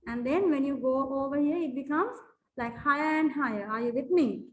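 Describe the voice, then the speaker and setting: A woman's voice: sits high, normal speed, low-quality recording. A woman teaching a maths lesson in a classroom, repeating herself with fillers and restarts, and often asking whether the students follow. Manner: repetitive, with many fillers and restarts. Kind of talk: classroom lesson explaining graphs.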